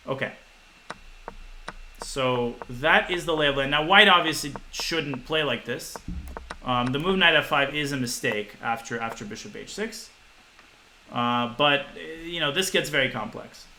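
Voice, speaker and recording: A man in his twenties giving a live-streamed chess lesson, talking fast to his viewers and thinking aloud. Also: medium pitch, bright, forceful tone, a little hiss or hum, poor audio. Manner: quick, talks to chat, thinks aloud with restarts.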